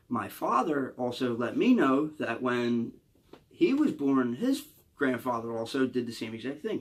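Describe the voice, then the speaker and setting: A man with a Philadelphia accent telling true stories from his childhood in a rambling, profane storytime monologue that keeps checking in with the listener. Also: mid-range voice. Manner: rambling, profane, keeps adding "you know what I mean" and "okay?".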